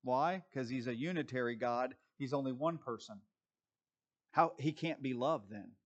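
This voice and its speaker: A man's voice: mid-range voice, moderate pace, muffled recording. A man preaching a sermon as pastor, asking his listeners rhetorical questions, answering them himself and dropping wry jokes along the way. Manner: wry, joking asides.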